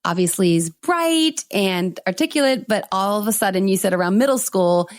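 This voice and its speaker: A woman's voice: medium pitch, lively intonation, normal speed, no room sound. Chatty middle-aged woman hosting a podcast. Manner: chatty, thinks aloud with restarts. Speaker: podcast host. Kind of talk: conversational interview.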